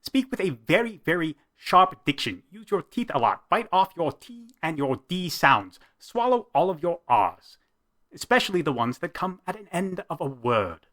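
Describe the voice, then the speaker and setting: A man putting on a prim British gentleman's accent, with sharp, clipped diction and a slightly nasal sound. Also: high voice, big pitch swings, normal speed, voice pushed up, heavily acted. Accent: British (put on).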